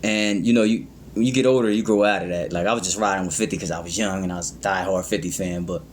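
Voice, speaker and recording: A man's voice: sits low, steady tone, quick pace, slight background noise. A man hosting a music reaction video, talking casually and rambling. He often stumbles over his words and keeps adding "you know what I mean".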